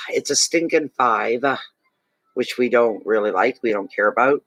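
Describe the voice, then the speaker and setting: A man's voice: mid-range voice, takes it slowly, pauses often, pushed and bright, no echo, poor audio. A man giving a tarot card reading to a client, speaking emphatically and repeating key phrases to reassure her. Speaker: tarot reader.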